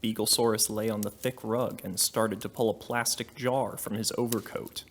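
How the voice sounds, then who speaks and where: A man giving a deadpan comedic reading of a fanfiction story. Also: lowish voice, moderate pace, slight background noise. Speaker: fanfiction reader.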